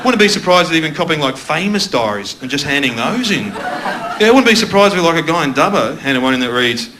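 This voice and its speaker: A man's voice: fairly high pitch, sing-song, a little fast, crowd noise. Australian man doing loose stand-up. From Melbourne, Australia. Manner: loose, self-mocking banter with the audience. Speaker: stand-up comedian. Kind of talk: stand-up comedy set. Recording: noisy live club recording.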